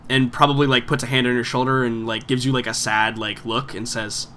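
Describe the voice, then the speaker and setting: A man with a bright, ringing voice narrates as game master, rambling through his scene with plenty of "um"s and "like"s. A faint hum of noise sits under the recording. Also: mid-range voice, level tone, fairly quick. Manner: rambling, filler-heavy.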